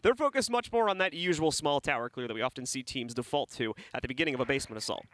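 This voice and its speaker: A young man casting an esports match, giving fast play-by-play commentary. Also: medium pitch, slight background noise. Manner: fast, energetic, joking with co-caster. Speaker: esports caster.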